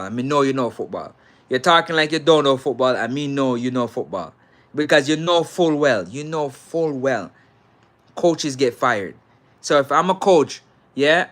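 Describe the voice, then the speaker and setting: A Jamaican man hosts a live football talk show, answering viewer comments. His voice sits a little high and sounds bright and forceful. He says each point again and again, slipping into patois. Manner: animated and repetitive, Jamaican patois mixed in. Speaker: sports talk show host.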